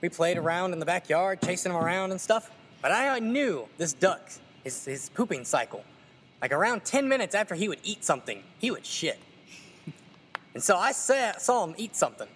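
A man's voice: sits high, normal speed, a little hiss or hum. A young man in casual podcast chat, cracking crude jokes and telling stories. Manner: animated, crude joker.

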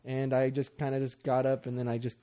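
A man's voice: mid-range voice, monotone, fairly quick, mellow, smooth. A young man telling a story about himself in casual chat, candid and self-deprecating.

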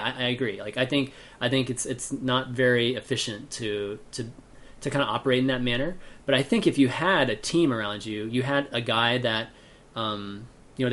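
A man's voice: mid-range voice, a bit bright. A man hosting a casual gaming chat, talking hesitantly with many fillers and restarts.

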